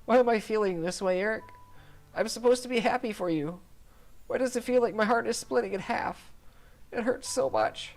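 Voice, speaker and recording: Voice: lively intonation, moderate pace, pauses often, soft background music, close to an everyday voice. A streamer voicing a cheerful but fragile teenage girl in a visual novel, reading her lines in a raised, bubbly voice that can turn tearful. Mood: distraught. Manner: high, bubbly, turning tearful. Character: cheerful, fragile teen girl with sad depths.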